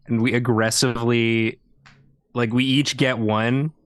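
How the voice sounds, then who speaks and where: Mid-pitched voice, playful quips, short interjections, casual stream banter. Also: little pitch movement, measured pace, dry recording. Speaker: stream co-host. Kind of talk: casual chat.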